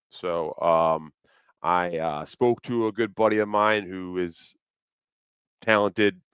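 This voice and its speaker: A man's voice: fairly low pitch, a bit bright, clean tone, no echo, studio quality. A man hosting a casual livestream chat, rambling loosely with plenty of swearing and fillers. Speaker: livestream host. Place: home, New York City.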